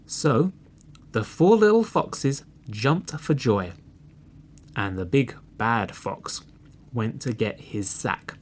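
A man reading a folk tale aloud as a storybook narrator, expressive and unhurried. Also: medium pitch.

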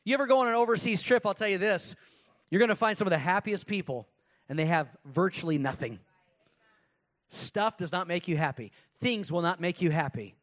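A man with a high voice preaching a lively sermon. He talks casually, drops into put-on voices and shouts lines from off the mic. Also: a little fast. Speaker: pastor.

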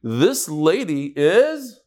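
Animated man teaching Talmud. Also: on the high side, very slow. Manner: animated, acts out quotes, swings between loud and soft. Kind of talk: classroom Gemara lesson.

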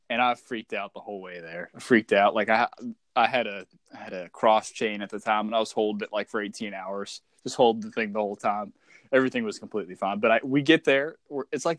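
A man's voice: medium pitch, a bit bright, dry recording. A young man co-hosting a casual chat, swearing freely, repeating himself and laughing often.

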